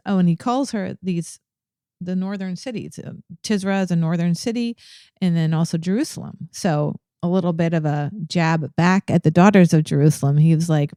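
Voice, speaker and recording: A woman talks through scripture in a relaxed podcast conversation, often pausing with little ums as she gathers her thoughts. Her voice sits low and mellow, and the recording is close and dry. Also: smooth, no echo. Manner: thoughtful, searching for words with frequent ums. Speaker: co-host of a ministry podcast. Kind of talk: casual Bible study discussion.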